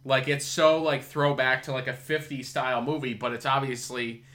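Bright-voiced swearing man. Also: medium pitch, little pitch movement, moderate pace. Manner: swears a lot, rambling with many fillers. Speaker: podcast host. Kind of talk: casual chat.

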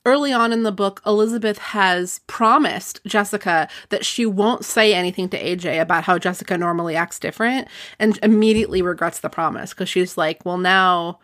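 A woman's voice: mid-range voice, fairly quick, fairly bright tone. A woman hosting a casual book discussion, chatting and reading passages aloud. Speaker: podcast host.

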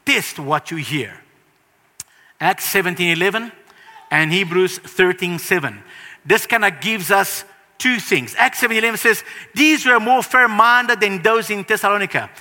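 A man preaching a sermon in an earnest, emphatic way, with sudden louder rises. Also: sits high, moderate pace. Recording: reverberant hall.

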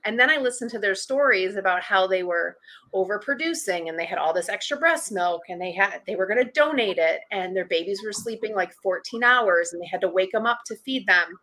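Bright-voiced woman telling a candid story. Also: medium pitch, expressive, fairly quick. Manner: chatty, heavy use of "like", acts out past thoughts. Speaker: podcast guest.

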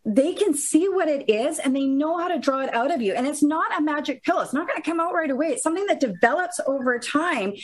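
A woman's voice: high voice, lively intonation, brisk, hardly any pauses, poor audio. A woman co-host and trainer explaining a point in an encouraging way during a casual chat.

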